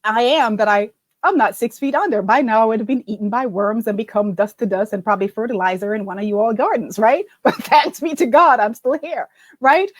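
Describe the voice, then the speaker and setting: A woman's voice: on the high side, a little fast, dry recording. A middle-aged woman coach giving a live-stream talk, answering viewer comments in a chatty, encouraging way and often adding "right?". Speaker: confidence and leadership coach.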